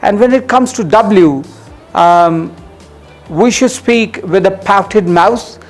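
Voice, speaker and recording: High-voiced Indian-accented man explaining slowly. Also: faint music behind. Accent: Indian English. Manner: explanatory, many ums and uhs, demonstrates sounds. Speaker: English and IELTS coach. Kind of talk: interview answers, teaching pronunciation.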